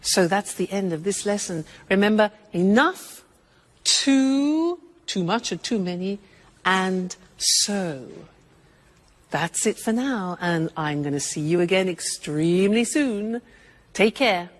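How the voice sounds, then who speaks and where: Woman English teacher, deliberate and expressive, slow pace. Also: mid-range voice. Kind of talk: English lesson explanation.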